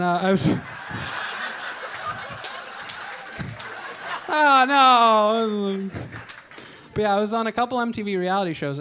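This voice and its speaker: Male stand-up comic, slightly high voice, wry and self-mocking, acts out side characters, handheld club mic. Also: sharp tone, a little hiss or hum. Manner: wry self-deprecating storytelling, acts out quoted people in raised voices. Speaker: stand-up comedian. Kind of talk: stand-up comedy set.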